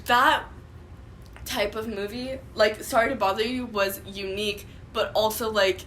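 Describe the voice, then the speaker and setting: A young woman guest in a casual podcast chat, talking fast with lots of "like", and she has the hiccups. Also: medium pitch, steady tone, fairly bright tone, slight background noise. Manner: chatty, heavy use of "like".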